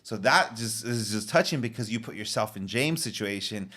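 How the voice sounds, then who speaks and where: A man's voice: lowish voice, animated, moderate pace, pushed and bright. A middle-aged man hosting a podcast, talking earnestly and with feeling in casual chat, retelling scenes. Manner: earnest, emotional, retells scenes with quoted lines. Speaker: podcast host.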